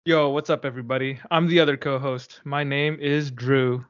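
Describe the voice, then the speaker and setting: A man's voice: mid-range voice, steady tone, moderate pace, highs cut off. A man co-hosting a podcast, easygoing and teasing, often laughing. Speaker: podcast co-host. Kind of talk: casual podcast chat.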